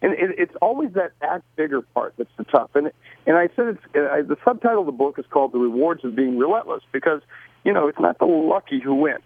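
An American man talks fast and brashly, with a gravelly edge that keeps catching in his voice. He restarts sentences over a tinny, dry phone line, like a guest calling in to a radio interview. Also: on the high side, dry recording. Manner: brash, energetic, repeats words as he starts sentences. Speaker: guest author and business owner. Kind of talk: casual interview talk.

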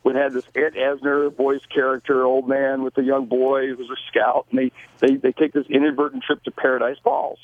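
An American man, a guest author who also owns a business, speaks brashly in a casual interview, often repeating words as he starts a sentence. His mid-range voice holds fairly level in pitch, moving at a moderate pace with few pauses. The recording is dry, coming through a tinny, dry phone line.

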